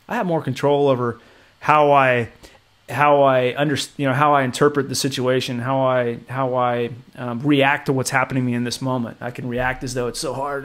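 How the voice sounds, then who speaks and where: A man co-hosting a podcast from his home, telling a personal story in a rambling, animated way with many restarts. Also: medium pitch, fairly quick. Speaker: podcast co-host. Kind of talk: casual chat, storytelling.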